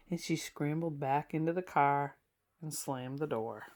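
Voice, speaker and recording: A woman's voice: low voice, steady tone, measured pace. A woman reading an old children's book aloud to listeners, adding chatty asides between passages.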